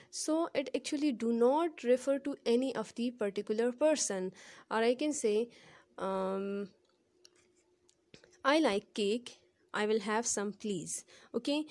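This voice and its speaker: A young woman teaches English grammar in a fairly high voice. She moves between English and Hindi, slowing down to repeat each example sentence for her students. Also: a little mellow. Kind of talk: explaining grammar in a lesson.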